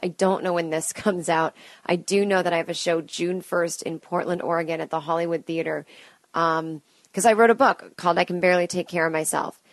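This solo podcast, recorded at home on a close studio mic with no room sound, features a late-thirties comedian rambling stream-of-consciousness and putting herself down with chatty asides. Her pitch is fairly low, her tone steady, her pace brisk.

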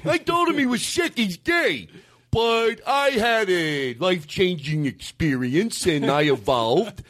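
A man voicing a dim-witted male neighbor who is smug about having evolved, with a slow, dumb drawl. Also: sits high, expressive, a bit bright, heavily acted.

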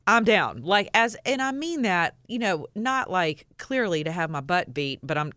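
A woman's voice: fairly low pitch, big pitch swings, normal speed, fairly bright tone, no room sound. A woman co-hosting a radio talk show, bold and joking as she chats on air. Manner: bold, joking, laughs often. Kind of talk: casual on-air chat.

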